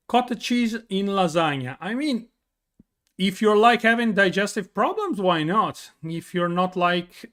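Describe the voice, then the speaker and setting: A man's voice: high voice, fairly bright tone, smooth. A tired man with an Italian accent, streaming and answering viewer questions in a chatty way, full of fillers and restarts. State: tired from little sleep. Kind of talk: casual chat reading viewer questions.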